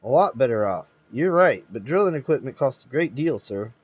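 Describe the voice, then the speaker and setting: A man voicing a smooth-talking male con man who passes himself off as an oil locator, breezy and ingratiating. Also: medium pitch, sing-song, a little fast, muffled recording.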